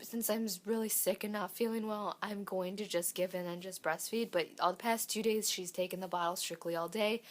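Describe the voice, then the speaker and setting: A young woman, a mother, giving a casual vlog update while sick and losing her voice, chatty and full of ums. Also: mid-range voice. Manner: chatty, lots of ums and likes. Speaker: parenting vlogger. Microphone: handheld camera, shaky.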